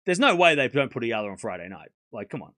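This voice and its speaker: Hosting a live tennis watchalong stream, a man calls the points in chatty play-by-play, reads out and thanks donations, and laughs often. His mid-range voice swings widely in pitch, and he talks fast with a slightly bright tone.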